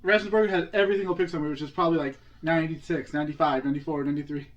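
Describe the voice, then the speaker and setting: Quizmaster on a casual podcast; a man with a slightly raised pitch who reads numbers in a matter-of-fact way. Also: fairly even intonation, racing, lo-fi sound. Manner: runs the quiz, reads out numbers. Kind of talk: casual chat, reading out scores.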